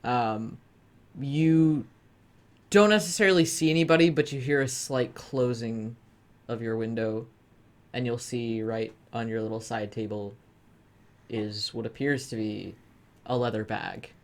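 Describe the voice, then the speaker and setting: A woman narrating as dungeon master of a tabletop game, relaxed, with frequent ums. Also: rumbling low, unhurried, pauses often.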